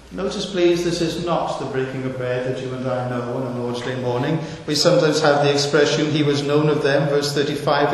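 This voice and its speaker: A man preaching an expository sermon, asking rhetorical questions and stressing key words. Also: fairly high pitch. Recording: echoey hall with hiss.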